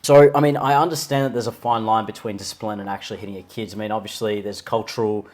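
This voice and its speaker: A man's voice: fairly low pitch, fairly even intonation, fast talker, darkish tone. A young man co-hosting a podcast, talking candidly in casual chat with many restarts. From Australia. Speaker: podcast co-host.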